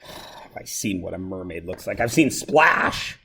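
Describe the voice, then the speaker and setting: A man's voice: deep voice, big pitch swings, unhurried, vocal fry, sharp tone, slight background noise. A man teaching a math review lesson to a classroom, joking and going off on tangents while checking that his students follow.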